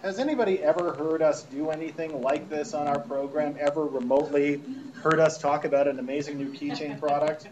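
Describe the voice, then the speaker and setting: A man's voice: a little high, fairly even intonation, brisk, darkish tone, slight background noise, low-quality recording. A man hosting a radio show, sarcastically reading out press releases to a live audience and mocking them. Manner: sarcastic, mocking, breaks into laughter. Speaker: radio host. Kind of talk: comedic live show talk, reading emails aloud.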